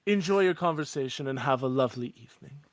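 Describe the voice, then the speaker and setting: A man's voice: medium pitch, expressive, quick pace, dry recording, natural voice. Prim polite young woman, as a man puts her on. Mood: sweetly polite.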